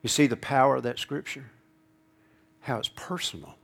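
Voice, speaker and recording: A man preaching a sermon, calling out to the congregation and swinging from loud declarations to hushed, slow lines. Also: mid-range voice, creaky. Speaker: pastor.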